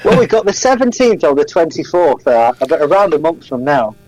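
A man's voice: fairly high pitch, very animated, brisk, darkish tone, no echo, highs cut off. A man appearing as a radio guest, jovial and chuckling often in casual banter.

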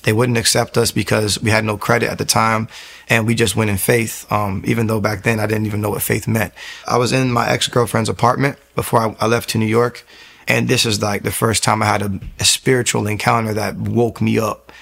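Young guy telling his faith testimony, gravelly low voice, earnest, keeps restarting. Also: flat delivery, fairly bright tone. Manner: candid, earnest, halting with restarts. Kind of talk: personal testimony.

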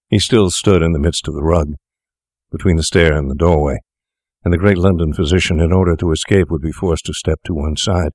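A man narrating an audiobook in a measured, deliberate way. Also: low-pitched, fairly even intonation, darkish tone, no room sound, clean studio sound.

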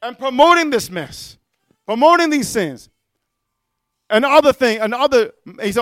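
A fiery male preacher with a very high voice, bright and clear, who keeps asking "amen?" and breaks into shouts on his strongest points. The sound is dry and close. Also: lively intonation, moderate pace, pauses often, no echo. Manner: fiery, repeatedly asks the congregation "amen?", shouts key words. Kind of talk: sermon.

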